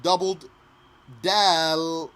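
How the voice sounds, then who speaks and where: A man teaching pronunciation patiently, repeating each phrase slowly and sometimes chanting it. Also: fairly high pitch, little pitch movement, a bit bright. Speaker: recitation teacher. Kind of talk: pronunciation lesson.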